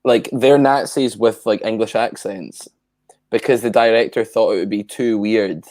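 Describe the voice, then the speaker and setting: A man's voice: on the low side, steady tone, moderate pace, a little mellow, no echo. A man chatting casually as a guest, rambling with lots of fillers and casual swearing. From Scotland. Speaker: musician guest. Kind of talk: casual chat.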